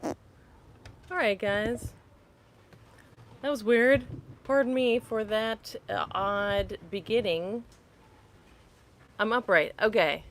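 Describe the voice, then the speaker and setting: Holding her phone upright, a woman hosts a casual live chat, talking to viewers, laughing often, apologizing and drifting off topic. Her mid-range voice is very slow with frequent pauses, and there's a little hiss or hum.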